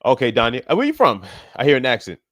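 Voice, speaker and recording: A man's voice: mid-range voice, huge pitch swings, quick pace, fairly bright tone. A young man hosting a live stream as a fitness coach, chatting casually and encouraging callers, laughing often. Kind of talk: casual livestream chat.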